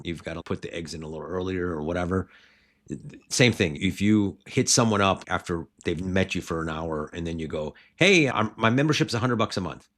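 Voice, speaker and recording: A man who owns martial arts schools, coaching other owners on a podcast in an animated, rambling way and often restarting his sentences. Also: sits low.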